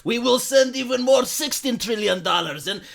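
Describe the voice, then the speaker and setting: A man doing a sarcastic impression of a pandering woman politician, slow and halting with put-on accents. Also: very high-pitched, animated, gravelly, a bit bright, heavily acted. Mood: pompous.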